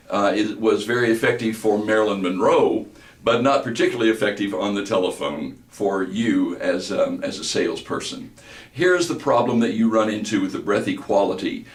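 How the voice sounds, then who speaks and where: A man with a bass voice working as a voice trainer, giving a measured instructional lecture with occasional hesitant fillers. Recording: roomy echo, distant mic.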